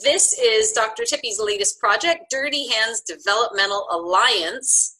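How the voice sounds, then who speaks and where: A woman hosting a podcast interview, upbeat and quick to laugh, introducing her guest and reading out material. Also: fairly high pitch, bright, forceful tone, husky, low-quality recording. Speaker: podcast host.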